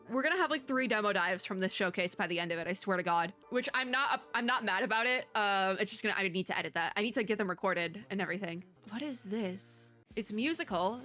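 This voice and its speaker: Bright-voiced woman streamer, chatty. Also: mid-range voice. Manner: chatty and rambling, lots of "like" and self-corrections. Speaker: VTuber streamer. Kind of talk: casual game-showcase reaction commentary.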